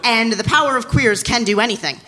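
A person in their twenties telling a funny personal story live on stage, animated and giggly, poking fun at themself. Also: medium pitch, a little fast, heavy background noise. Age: 20s. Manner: animated, giggly, self-deprecating. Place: stage before a live audience.

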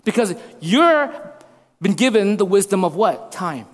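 A man's voice: sits high, big pitch swings, unhurried. A man in his thirties preaching a sermon as a pastor, repeating lines for emphasis. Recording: long reverb of a hall.

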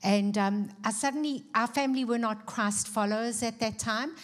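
Middle-aged woman, South African accent, earnest church testimony, pauses with um, guest speaker. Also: a little high, fairly even intonation. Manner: earnest storytelling with frequent ums. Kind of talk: personal testimony in a church service.

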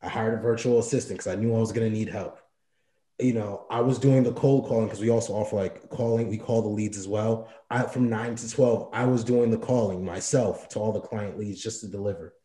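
A young man tells his story in loose, slangy talk, dropping into quoted back-and-forth. His voice sits low and mellow, with no edge to it. The room around him rings with a clear echo. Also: brisk. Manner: slangy, animated, quotes others in his own voice. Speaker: entrepreneur telling his story. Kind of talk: casual storytelling.

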